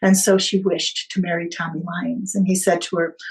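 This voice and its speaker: A woman guest on a podcast, telling a family story in an unhurried, vivid way. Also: fairly low pitch, level tone, poor audio.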